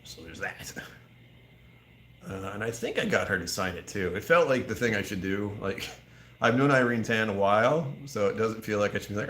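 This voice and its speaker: Rambling man with a lively low voice. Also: moderate pace. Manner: rambling, laughs often, thinks aloud. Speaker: whiskey channel host. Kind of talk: casual live vlog. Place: whiskey store aisle.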